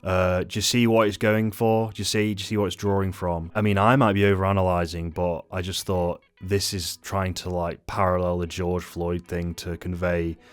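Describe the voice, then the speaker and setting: A man's voice: low-pitched, level tone, normal speed, hardly any pauses, smooth. A man angrily ranting through an unscripted film review, swearing often and rambling. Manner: angry, profane, rambling. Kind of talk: unscripted rant-style review.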